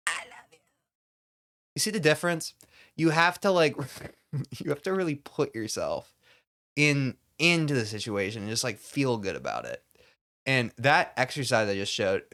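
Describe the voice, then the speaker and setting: A man's voice: mid-range voice, fairly bright tone. A man doing a satirical monologue to camera as a self-important actor, rambling and now and then breaking into overwrought acting demonstrations. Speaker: comedy YouTuber.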